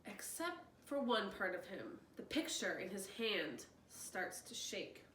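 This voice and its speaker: A woman reading a novel aloud as host, with expressive, excitable asides to listeners. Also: medium pitch, takes it slowly. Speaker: reader, channel host. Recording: roomy distant mic, faint noise.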